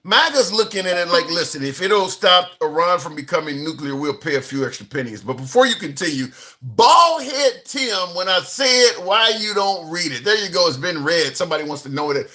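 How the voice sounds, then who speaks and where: A man hosting a casual political chat, reading out viewer comments in a wry, measured way. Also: a little high, expressive, pushed and bright.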